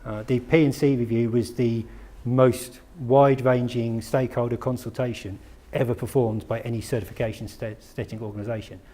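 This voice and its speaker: A man's voice: medium pitch, level tone, moderate pace, mellow. A man giving a conference presentation, chatty and conversational, asking the audience questions and joking at his own expense. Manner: conversational, asks the audience questions, self-deprecating asides. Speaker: conference speaker. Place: conference room.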